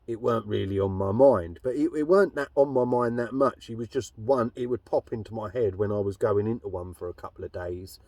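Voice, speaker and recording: A man's voice: on the low side, fairly quick, few pauses, a little mellow, no echo. A man telling a personal story in a blunt, rambling way, swearing heavily. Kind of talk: casual storytelling monologue.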